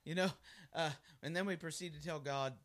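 A man's voice: on the high side, fairly quick, a bit bright, no room sound. A male pastor preaching a sermon in a loose, conversational way, full of ums and restarts.

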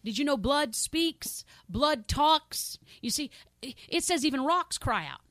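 Fervent woman preacher, high dry voice. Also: expressive, slow pace, no echo. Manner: fervent, repetitive, addresses listeners as saints; swings from loud exclamations to soft pleading prayer. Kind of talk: sermon.

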